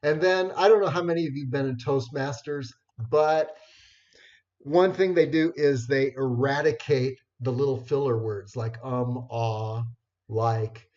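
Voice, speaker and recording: A man giving an informal talk on networking skills, unhurried, with many fillers and restarts. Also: mid-range voice, a little mellow. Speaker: networking presenter. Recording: dull lo-fi recording.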